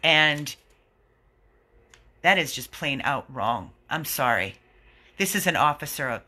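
Guy from an animal rescue venting on camera, earnest and fed up, highish piercing voice. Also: pushed and bright. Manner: indignant, earnest pleading. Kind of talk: video update to followers.

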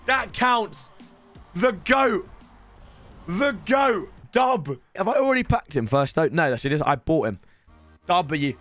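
A young man, streaming a pack opening, slightly hoarse. He talks in an excitable way, swinging between shouting and grumbling. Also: sits high, a little slow, faint music behind.

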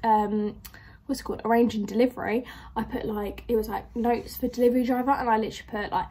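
A woman's voice: on the high side, fast talker. Chatty young woman vlogger. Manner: chatty, animated, laughing through stories. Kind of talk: casual reaction vlog storytelling.

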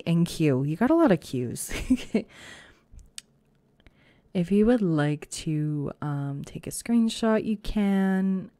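A woman giving a casual, chatty pick-a-card tarot reading, reassuring and full of fillers, her voice a bit rough today. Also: deep voice, a little mellow, no echo. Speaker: tarot reader.

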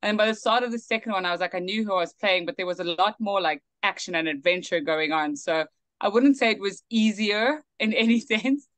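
A young South African actress chatting with laughter and animated stories in a video call interview. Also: female voice, mid-range voice, brisk. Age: young adult. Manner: bubbly, laughing, animated storytelling. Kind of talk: casual interview chat.

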